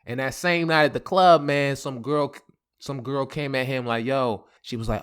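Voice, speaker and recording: A man telling a casual storytime, animated, laughing often and jumping his voice up high when he quotes other people. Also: normal speed, clean tone.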